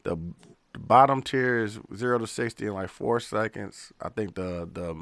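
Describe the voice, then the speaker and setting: A man co-hosting a podcast, teasing the others with blunt, quick comebacks. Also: on the low side, fairly bright tone, dry recording. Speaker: podcast co-host. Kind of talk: casual podcast banter.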